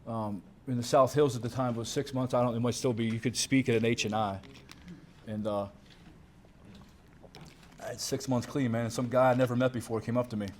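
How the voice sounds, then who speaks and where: Fast-talking man. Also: medium pitch, fairly even intonation, darkish tone, a little hiss or hum. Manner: casual and candid, fillers like "man" and "dude", swears. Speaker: banquet speaker at a recovery conference. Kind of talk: personal recovery talk to a crowd. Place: banquet hall with a crowd.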